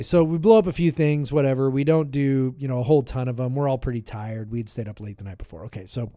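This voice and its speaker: A man's voice: mid-range voice, dark tone, no echo. Chatty man telling a rambling story. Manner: rambling storyteller, lots of "like" and restarts. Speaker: podcast co-host. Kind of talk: casual chat. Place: podcast room, shared with co-host.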